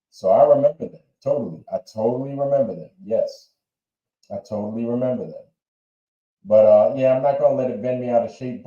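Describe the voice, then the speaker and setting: A man's voice: medium pitch, dark tone, echoey room, muffled recording. A man hosting a livestream, chatting casually and repeating himself as he reacts to clips. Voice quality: rambling and repetitive. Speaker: livestream host.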